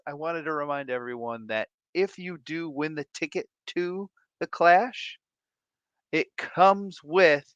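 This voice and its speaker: A man's voice: on the high side, a bit bright, clean tone, dry recording, highs cut off. A man in his thirties hosting a casual live stream, playful and sing-song as he greets viewers by name, sounding tired. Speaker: livestream host.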